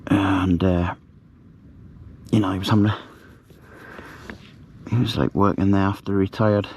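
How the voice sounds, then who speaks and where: A man's voice: sits low, fairly even intonation, unhurried, darkish tone, breathy edge. A middle-aged man tells a story in a chatty, rambling way, full of fillers and restarts, recorded on a handheld camera outdoors at night. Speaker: camper vlogger. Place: outdoors at night in a bivvy bag.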